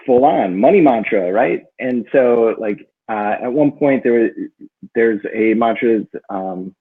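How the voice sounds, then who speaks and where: A man's voice: mid-range voice, unhurried, breathy edge. A man co-hosting a book club chat, telling a rambling personal story with many fillers. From northern Minnesota. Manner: rambling, many fillers, lively when quoting himself. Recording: tinny phone-like audio.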